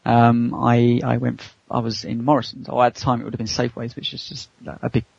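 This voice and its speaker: A man tells a long personal story in a relaxed interview, laughing often and acting out the voices of the people in it. His voice is gravelly and a little husky. The sound is dry and muffled. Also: medium pitch, fairly quick, no echo. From United Kingdom. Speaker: co-host answering interview questions.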